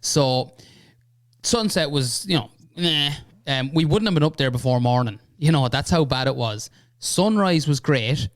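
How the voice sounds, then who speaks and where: A young Irish man recounting an adventure as a podcast guest, his voice smooth and resonant. He talks in an animated, chatty way, checking in with the listener often. The sound is dry and close, from a studio mic. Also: on the high side, unhurried, dry recording. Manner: animated anecdote-telling with lots of "right?" and "you know". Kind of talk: casual storytelling.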